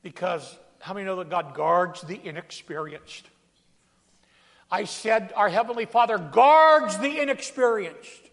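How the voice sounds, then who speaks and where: Slow dramatic preacher guy, high raspy voice, long echo like a big church hall. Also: fairly bright tone. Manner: dramatic, acts out scripture quotes, calls to congregation. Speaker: pastor. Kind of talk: sermon. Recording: long reverb of a large hall.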